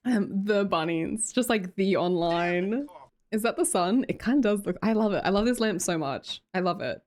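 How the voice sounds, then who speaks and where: A young Australian woman chatting casually on a livestream, bubbly and quick to laugh, answering chat as she goes. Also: mid-range voice, animated, darkish tone. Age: young adult. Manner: bubbly, laughs often, reads chat aloud.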